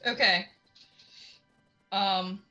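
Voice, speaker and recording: A woman playing a tabletop game online, chatting in an animated, teasing way and laughing often. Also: medium pitch, extremely slow, dull audio, faint music behind. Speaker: player. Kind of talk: casual tabletop game chat.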